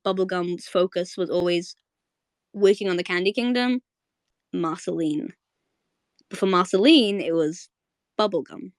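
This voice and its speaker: A woman's voice: medium pitch, dry recording, studio quality. A young woman hosting a casual live audio chat, gushing and emotional, swearing freely as she rambles.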